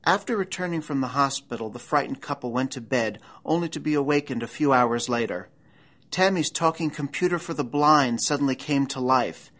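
A man narrates a documentary in a measured, dramatic manner. His delivery is scripted and deliberate, the kind that draws out suspense in a true mystery tale. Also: mid-range voice, a bit bright.

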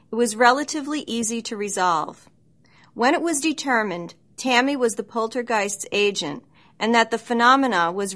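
Woman calmly narrating a documentary. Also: fairly high pitch. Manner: calm, explanatory delivery.

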